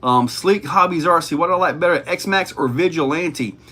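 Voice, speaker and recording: A man's voice: a little high, moderate pace, sharp tone. A man hosting a casual livestream, reading chat questions aloud and answering in a laid-back way.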